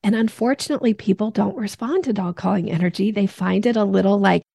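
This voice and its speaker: A woman guest on a podcast, explaining sales steps in an energetic teaching manner. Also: medium pitch, fast talker, vocal fry, breathy edge, no room sound. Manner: energetic teacher, acts out voices in examples.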